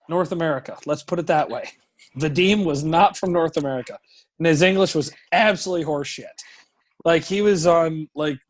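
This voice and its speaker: A man who is a professional hockey goaltender, a guest telling casual stories full of swearing and acting out his own shouting. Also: on the high side. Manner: profane, animated storyteller who acts out shouting. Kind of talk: casual storytelling interview.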